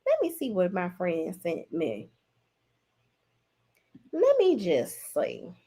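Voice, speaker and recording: A woman's voice: extremely slow, breathy edge. A woman hosting a live stream, reading viewer comments aloud and chatting about them casually, thanking viewers with big upward swoops in her voice. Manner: animated, swoops high when thanking viewers; chatty, Southern-tinged slang like y'all and child.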